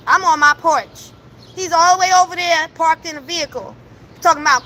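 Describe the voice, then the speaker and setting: A woman on a live stream, telling a story with emphatic, animated delivery and frequent laughter. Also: high voice, brisk, slight background noise. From New York. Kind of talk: casual storytelling on a livestream. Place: at home.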